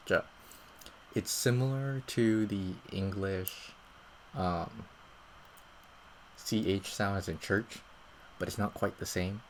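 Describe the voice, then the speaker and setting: A low-voiced man teaches pronunciation over slides, taking it step by step and often checking in with listeners. His tone is patient and methodical. A faint room hum sits behind him. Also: rough recording. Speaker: language teacher.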